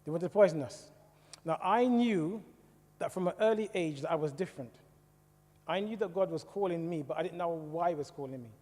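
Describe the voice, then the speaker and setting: In a church hall with long reverb, a West Indian man gives a conversational testimony to the congregation, often putting questions to them. His voice sits on the high side, with a darkish tone and a slightly fast delivery.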